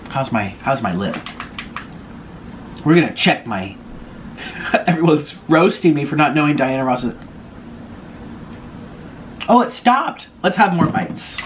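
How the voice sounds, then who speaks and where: A man's voice: medium pitch, a little hiss or hum. A young man vlogging casually, gossiping to his viewers while he eats. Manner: gossipy, chatty, eating while talking. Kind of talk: casual mukbang chat.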